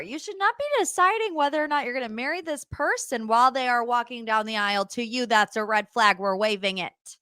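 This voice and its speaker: A woman's voice: fairly high pitch, a little fast, hardly any pauses, sharp tone, smooth, dry recording, studio quality. A young adult woman hosting a casual pop-culture podcast, chatty and opinionated, with sarcastic asides. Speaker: podcast host.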